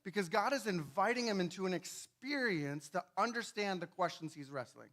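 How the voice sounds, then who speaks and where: A man's voice: high-pitched, animated, normal speed, fairly bright tone. A male pastor preaching a sermon in a church, teaching in a conversational way and often checking in with his listeners.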